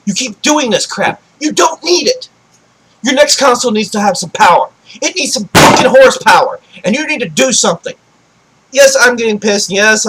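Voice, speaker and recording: A man ranting about video games to his desk mic, swearing a lot and swinging between shouting and low grumbling. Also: a little hiss or hum, poor audio. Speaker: gaming vlogger. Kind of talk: angry gaming rant.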